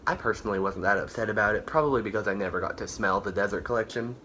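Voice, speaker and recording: A man with a fairly low voice races through a casual candle haul review, his tone pushed and bright. He rambles with lots of fillers and self-corrections, sounding a bit tired and out of breath, over a little hiss or hum.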